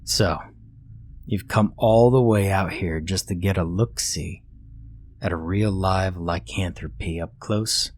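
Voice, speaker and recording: A man voicing a big, bearded frontier man with a gruff, deep voice who talks bluntly and folksy. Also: slow pace, full character voice.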